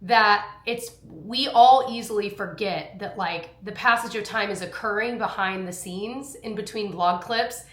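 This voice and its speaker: A woman's voice: mid-range voice, a little slow, few pauses, a bit bright. A woman in her thirties chatting casually to her viewers while doing chores, rambling and self-deprecating. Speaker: lifestyle vlogger.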